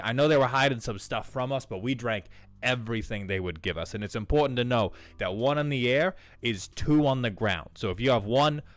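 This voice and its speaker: A man's voice: lowish voice, fairly bright tone. A man voicing an old male salesman who tells a long, rambling, boozy story in a folksy way. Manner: rambling, folksy anecdote-telling.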